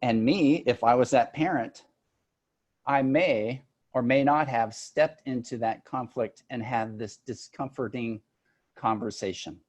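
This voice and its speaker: A man's voice: mid-range voice, measured pace, a little mellow, highs cut off. A man, an agile and leadership coach, presenting a webinar over a video call in a conversational way with joking asides. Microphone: computer mic on a video call.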